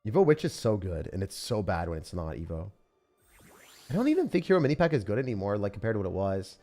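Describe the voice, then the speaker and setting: A young man giving live commentary as he plays and rates card decks, excitable, with loud outbursts and laughter. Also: lowish voice, fast talker. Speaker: streamer playing and rating decks. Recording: faint music behind.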